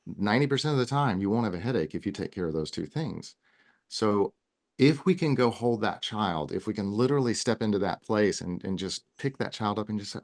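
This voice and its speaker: Man, podcast guest, earnest, long rambling explanations, many restarts, lowish voice. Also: animated, normal speed. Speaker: wellness guest. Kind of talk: casual podcast interview.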